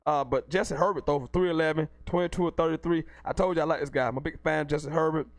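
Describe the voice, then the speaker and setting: Man, live sports call-in host, hype-man energy, slightly high voice. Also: steady tone, very fast, no room sound. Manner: hyped, repetitive, self-promoting.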